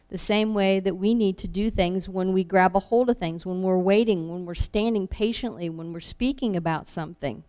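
A woman's voice: medium pitch, moderate pace, hardly any pauses, darkish tone, smooth. A woman preaching a sermon, earnest and repeating key phrases for emphasis.

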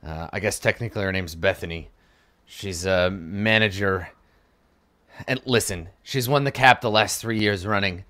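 A man's voice: deep voice, normal speed, sharp tone, pitched below the performer's own voice. A man voicing a bitter, scheming male corporate middle manager who grumbles conspiratorially.

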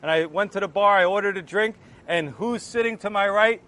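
High-voiced man telling his testimony. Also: brisk. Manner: earnest, animated retelling that acts out remembered exchanges. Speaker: Christian giving a testimony. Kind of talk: personal testimony storytelling.

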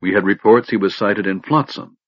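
A man's voice: on the low side, brisk, husky, no room sound. A man voicing a confident, teasing female warrior commander who speaks pleasantly but with menace. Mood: eager. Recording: dull lo-fi recording.

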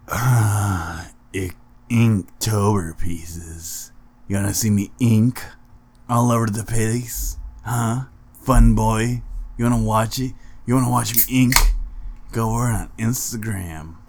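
A man putting on the voice of a rowdy drunk uncle, talking slowly and loudly with a slurred, leering drawl. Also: lowish voice. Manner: slow, loud, slurred drawl.

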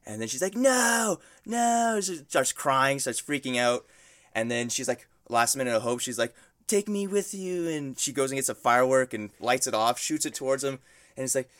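A man at an average pitch tells a movie plot in a loose, rambling way, laughing as he goes and acting out little quotes. The sound is dry and close, with no room echo. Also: level tone, brisk, a bit bright. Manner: rambling storytelling, laughs often, acts out quotes. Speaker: guest describing a movie. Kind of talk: casual podcast chat.

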